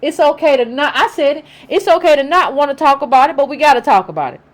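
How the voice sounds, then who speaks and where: Emphatic high-pitched African American woman. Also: lively intonation, fast talker. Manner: emphatic, repetitive, acts out imagined quotes. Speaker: political commentator vlogger. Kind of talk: animated opinion monologue.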